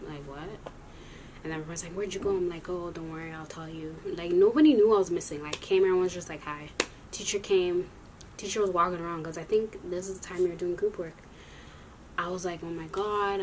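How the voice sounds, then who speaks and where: A young adult woman telling a story in a casual vlog, rambling and animated, often correcting herself as she goes. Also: fairly low pitch, a little hiss or hum. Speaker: vlogger.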